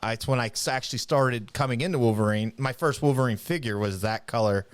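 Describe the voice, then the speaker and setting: A man's voice: mid-range voice, fast talker, clear, resonant tone, no room sound. A man co-hosting a podcast, chatting casually about a movie and laughing often. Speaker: podcast co-host.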